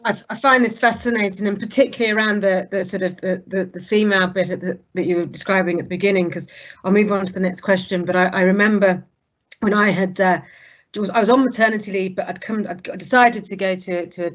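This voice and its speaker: A woman hosting a webinar, starting a question with hesitant restarts and then telling a story briskly. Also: medium pitch. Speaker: webinar host. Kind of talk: interview question with anecdote. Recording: muffled lo-fi video call audio.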